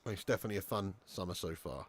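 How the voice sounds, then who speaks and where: A man hosting a live football watch-along stream, chatting with viewers, swearing and getting excitable. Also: low voice, very fast, slight background noise.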